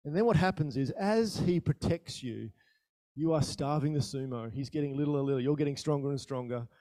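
A man preaching a sermon in a conversational style, asking the listeners questions and telling stories with sudden bursts of loudness. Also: a little high, brisk, no echo, studio quality. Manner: animated storytelling with sudden rises in volume. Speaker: pastor.

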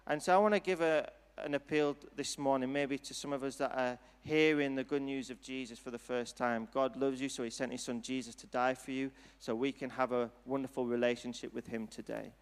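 A man preaching a sermon and altar call in a church hall, speaking in an earnest, gentle, unhurried way. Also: mid-range voice, steady tone, clear, resonant tone. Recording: long hall reverb.

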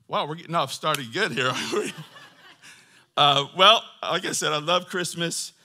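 A man's voice: on the high side, expressive, a little slow, pushed and bright. A man preaching a sermon to his church in a conversational, joking way, reading scripture between asides. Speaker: pastor.

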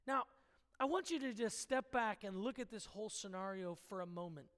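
A man's voice: high voice, normal speed, a bit bright, long reverb tail. A man preaching a sermon in an emphatic, conversational way, asking his listeners questions directly.

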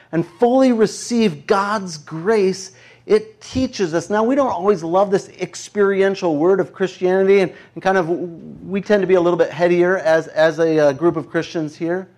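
A man, a pastor, preaching a sermon in a conversational, animated storytelling way. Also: high-pitched.

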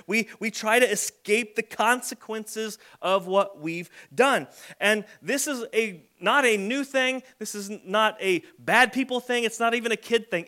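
Man, pastor, sermon, high voice, bright tone, chatty storytelling. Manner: conversational storytelling with acted kid voices.

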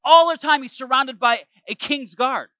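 A man preaching, retelling a Bible story in an animated way with joking asides to the listeners. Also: very high voice, normal speed, no room sound. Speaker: pastor.

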